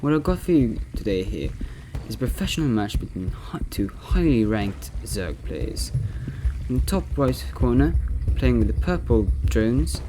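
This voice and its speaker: A man's voice: on the low side, noisy background. A man putting on an impression of a video game caster, commenting on a replay with many fillers and self-corrections.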